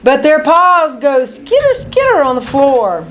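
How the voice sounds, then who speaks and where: A woman reads a children's picture book aloud in a high voice, expressive and deliberate. She moves at a slow, careful pace, giving each line room. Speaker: narrator.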